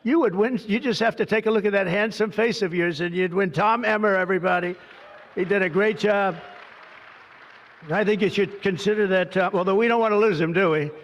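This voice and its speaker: A man's voice: high voice, fairly quick, fairly bright tone, dull audio, some chatter behind. An older man giving a rambling, boastful political speech full of superlatives and digressions at a signing event. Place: large hall at a signing event. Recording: reverberant hall.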